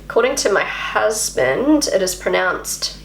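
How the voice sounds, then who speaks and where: A woman's voice: medium pitch, sing-song, a little slow, creaky, a little hiss or hum. Brief: chatty woman vlogger, native English speaker, self-mocking, in a roomy space. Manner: self-deprecating, chatty, repeats words while practising. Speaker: language vlogger. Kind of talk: casual talk to camera.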